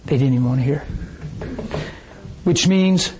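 A pastor with a fairly high, slightly slow voice preaches a sermon in church, heard on a low-quality recording with slight background noise. He brings his stories to life by acting out the voices within them.

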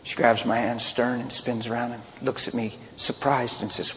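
A man preaching a sermon, mixing loud outbursts with hushed personal confessions as he tells a story. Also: medium pitch, little pitch movement, normal speed, slight background noise. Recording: long hall reverb, faint ambience.

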